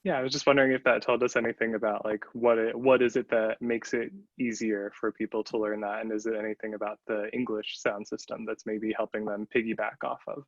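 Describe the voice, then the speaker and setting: A man's voice: lowish voice, little pitch movement, fairly quick, hardly any pauses, no echo. A man asking a question in an academic discussion and thinking aloud tentatively. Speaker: audience member asking a question. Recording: dry, dull lo-fi audio.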